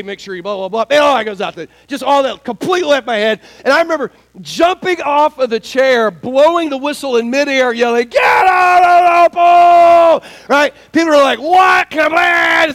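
A man preaching a sermon, telling a story in an animated, joking way and acting out the scenes. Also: very high-pitched, low-quality recording. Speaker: pastor.

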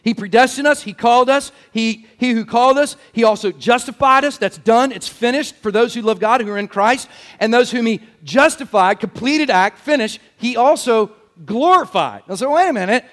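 A pastor preaching a sermon to his congregation, asking rhetorical questions and sometimes shouting for emphasis. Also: very high-pitched, expressive, fairly quick.

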